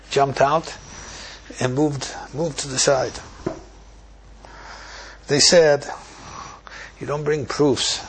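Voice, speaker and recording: Brief: male Talmud teacher, animated storyteller, mid pitch, faint background noise. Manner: animated retelling, quoting Hebrew and Aramaic then translating.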